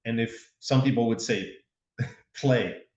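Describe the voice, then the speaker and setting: Speaking slowly in a medium-pitched, slightly mellow voice, a man co-hosts a podcast with relaxed, casual chat and brief agreeing replies. The audio is dull and roomy.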